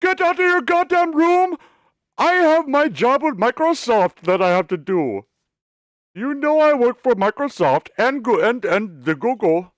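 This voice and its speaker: A man putting on a mock Indian accent to voice an angry male hotel clerk, yelling indignantly. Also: very high voice, lively intonation, a little slow, no room sound, pitched above the performer's own voice. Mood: ranting.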